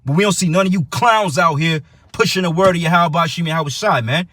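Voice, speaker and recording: A man's voice: a little high, a little fast, hardly any pauses, sharp tone, no echo. A man teaching for a religious camp, giving a heated, profane preaching rant that reads and explains scripture.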